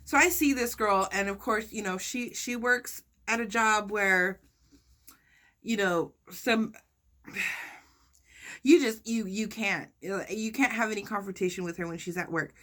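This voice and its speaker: A young woman vlogger telling a story to her viewers in a casual, animated and indignant way. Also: medium pitch, measured pace. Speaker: mukbang vlogger.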